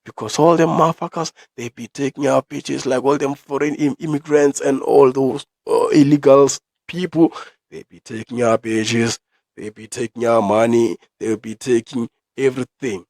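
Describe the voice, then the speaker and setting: A man's voice: mid-range voice, fairly even intonation, moderate pace, no room sound. Young South African male podcaster, ranting and profane, dry close mic. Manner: ranting, profane, with sudden loud outbursts. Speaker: podcast host. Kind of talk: opinion commentary podcast.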